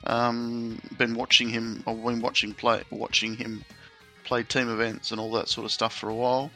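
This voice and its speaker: A man co-hosting a casual gaming podcast, reading out rankings in a relaxed, unhurried way. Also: mid-range voice, faint music behind. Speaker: podcast co-host.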